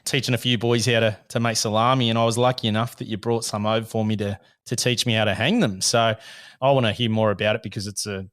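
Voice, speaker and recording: An Australian man in his thirties hosts a casual podcast chat, his voice hoarse and rough from a recent illness. He spins an animated story and laughs through the telling. The sound is dry and close, with almost no room to it. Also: on the low side, quick pace, no echo. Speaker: podcast host.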